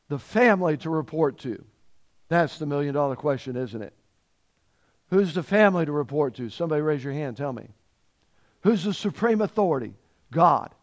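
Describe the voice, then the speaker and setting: A man preaching a sermon to a congregation, swinging between loud emphasis and quiet asides and asking questions of the people. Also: high-pitched. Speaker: pastor.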